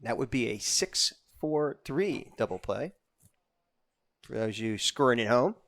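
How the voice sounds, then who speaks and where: A man calling youth baseball play-by-play, joking between pitches and getting louder and higher on the action. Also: lively intonation, measured pace. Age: older. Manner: jokey, rises in pitch and volume on plays. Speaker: play-by-play announcer.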